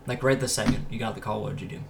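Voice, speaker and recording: A young man co-hosting a podcast, asking questions in a relaxed, casual chat. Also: lowish voice, very fast, gravelly. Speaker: podcast co-host. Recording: faint background noise.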